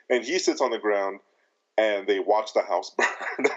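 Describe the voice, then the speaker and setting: A man co-hosting a film podcast in casual chat, laughing often and retelling scenes with lively impressions. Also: fairly low pitch, fairly quick, dull audio. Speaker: podcast co-host.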